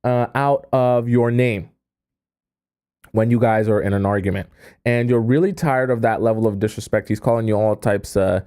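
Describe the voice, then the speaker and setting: Dark-voiced man giving relationship advice. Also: medium pitch, moderate pace, smooth. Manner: conversational, repeats "right?" and reads chat comments aloud. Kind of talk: livestream advice talk.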